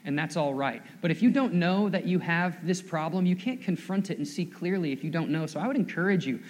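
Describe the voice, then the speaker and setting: A man preaching in a relaxed, chatty way, stumbling over and repeating words as he talks to his congregation. His voice sits a little high for a man, and a long reverb from the church hall trails after every line. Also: a little fast. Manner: conversational, self-deprecating, repeats words. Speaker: pastor. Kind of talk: sermon. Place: church sanctuary.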